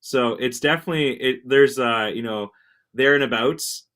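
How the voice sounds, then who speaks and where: A man's voice: medium pitch, normal speed, fairly bright tone. A man with a Canadian accent, chatting casually as a livestream guest over a video call and laughing often. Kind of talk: casual chat.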